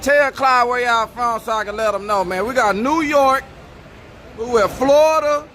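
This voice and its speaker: A man hosting a racing channel at an outdoor drag strip, chatting casually and excitedly as he reads out viewer shoutouts. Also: very high voice, moderate pace, slight background noise. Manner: loose, excited hype talk, rattling off viewer locations. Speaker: racing channel host filming trackside. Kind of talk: casual livestream-style shoutouts.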